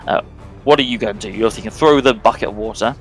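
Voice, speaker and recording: A man narrating as game master of a tabletop game, describing scenes in a relaxed way with many fillers. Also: lowish voice, rapid-fire, faint music behind, rough recording.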